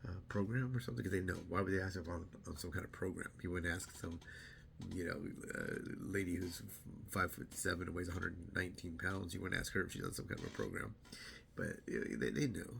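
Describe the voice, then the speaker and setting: A man's voice: sits low, brisk, gravelly, noisy background. A middle-aged man rambling casually to camera about his weight loss, repeating words and acting out what other people say.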